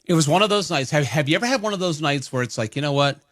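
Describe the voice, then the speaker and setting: Bright, lively male radio co-host. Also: a little high, no echo, studio quality. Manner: animated storytelling, quick laughs. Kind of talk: casual morning radio banter. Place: radio studio. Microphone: studio microphone.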